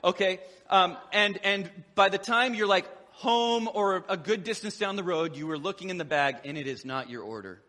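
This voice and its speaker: A middle-aged male pastor delivers a sermon in a relaxed, joking, conversational way. His voice sits high and sounds bright and forward. The hall gives it a long, lingering reverb. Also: normal speed, few pauses. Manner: conversational preaching with humor and acted quotes.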